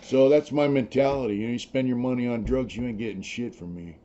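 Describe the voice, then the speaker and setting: Talking fast in a warm, mid-range voice, a middle-aged man who once served time tells his story. It's casual and profane, heavy on street slang and cursing, captured on slightly dull lo-fi audio.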